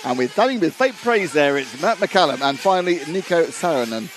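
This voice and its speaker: A man's voice: a little high, big pitch swings, moderate pace, over music, poor audio. A man giving live race commentary on a stream, chatty and wry, reading viewer comments and tripping over names. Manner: stumbles over names and restarts.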